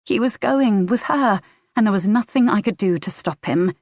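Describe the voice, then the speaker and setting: A woman's voice: mid-range voice, animated, normal speed, darkish tone, no room sound, studio quality. Woman narrating a tense audiobook. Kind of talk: scripted first-person audiobook narration.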